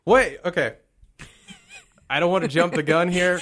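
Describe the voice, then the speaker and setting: A man's voice: on the high side, normal speed, pushed and bright, slight background noise. Crude joking American man hosting. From United States. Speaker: podcast host. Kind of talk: casual comedic chat.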